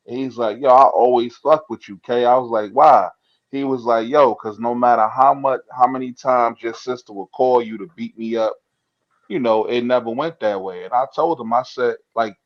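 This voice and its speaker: A man in a middle register tells a story in a relaxed, rambling way, restarting his sentences as he goes. His audio is dull and lo-fi. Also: mid-range voice. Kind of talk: casual storytelling chat.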